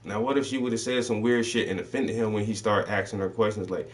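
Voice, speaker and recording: Man, casual chat host, lowish voice, profane and loose, a bit off-mic. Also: steady tone, brisk, far from the mic. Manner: loose, swearing storyteller voicing people in his stories.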